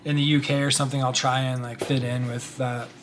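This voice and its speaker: Relaxed male podcast host. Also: mid-range voice, brisk, slight background noise. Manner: friendly, relaxed, uses fillers like "like". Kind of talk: podcast intro and casual interview.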